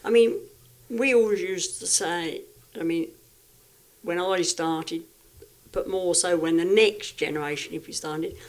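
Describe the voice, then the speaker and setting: A woman's voice: fairly low pitch, unhurried. A woman speaking as a podcast guest, frank and reflective, often restarting her sentences in casual talk. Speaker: guest, livestock exhibitor.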